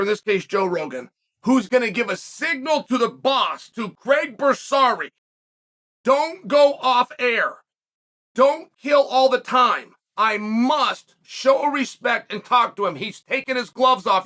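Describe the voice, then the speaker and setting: A middle-aged man from the western United States with a high voice hosts an animated solo commentary. He tells the story with emphatic, shouted bursts.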